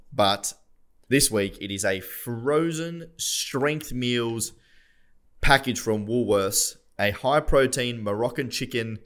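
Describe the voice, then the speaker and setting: Rambling young man, low voice. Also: a bit bright. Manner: self-deprecating, rambling with restarts. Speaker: podcast co-host. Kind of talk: casual chat.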